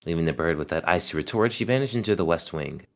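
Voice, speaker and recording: A man narrating a visual novel aloud in a steady, measured way. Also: deep voice.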